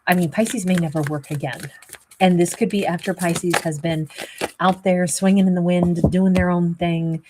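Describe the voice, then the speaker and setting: A woman's voice: lowish voice, steady tone, moderate pace, noisy background. A woman host giving a casual tarot reading, wheezy and rambling, with plenty of fillers. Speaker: tarot reader.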